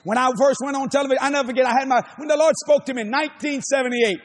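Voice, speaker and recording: An older man with a Cajun accent preaching a sermon, emphatic and repetitive, often shouting his lines. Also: very high voice, steady tone, rapid-fire.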